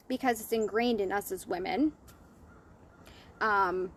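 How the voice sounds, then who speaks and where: A woman's voice: medium pitch, measured pace, a little hiss or hum. A woman business coach talking straight to her audience in a blunt, profane, fired-up monologue. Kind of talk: impassioned monologue to camera.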